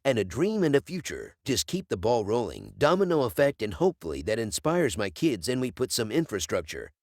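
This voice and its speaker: A man chatting in an interview, his voice rising and falling a lot as he gets excited. He talks in a casual, slangy and enthusiastic way. The sound is close and dry, with no room around it. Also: medium pitch, fairly quick, no echo. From London.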